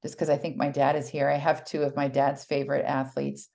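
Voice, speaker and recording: A middle-aged American woman speaks with a low voice in a chatty, earnest way. She presents to an audience as a teacher and often pauses with fillers and restarts her sentences. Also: little pitch movement, creaky, dark tone. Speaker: presenter, children's mindfulness teacher. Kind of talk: casual public talk.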